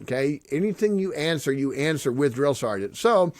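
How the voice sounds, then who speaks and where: A middle-aged man hosting a podcast, joking and sarcastic, swinging between loud bits and soft earnest talk. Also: fairly high pitch, expressive, normal speed, hardly any pauses, no echo. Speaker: podcast host and pastor. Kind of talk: casual podcast monologue.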